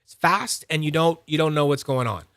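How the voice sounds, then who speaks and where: Bright-voiced chatty man hosting fidget reviews. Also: a little high, a little fast, dry recording, clean studio sound. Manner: chatty, excitable, self-deprecating, talks to viewers by name. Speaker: fidget toy channel host. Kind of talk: casual rambling livestream-style review.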